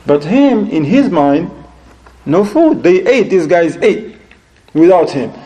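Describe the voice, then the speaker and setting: A man lecturing to an audience, telling stories in a lively way, laughing often and sprinkling in Arabic religious phrases. His voice sits a bit high for a man. It also has a mellow, warm tone. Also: takes it slowly, poor audio. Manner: animated, acts out quoted voices, laughs often. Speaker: Islamic lecturer.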